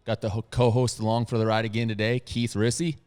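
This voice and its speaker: A man in his thirties hosting a podcast in casual chat, talking softly in a low radio voice with lots of restarts. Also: level tone, fast talker, clean tone, soft background music. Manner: low, soft-spoken radio voice, rambling restarts. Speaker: podcast host. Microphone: studio podcast mic.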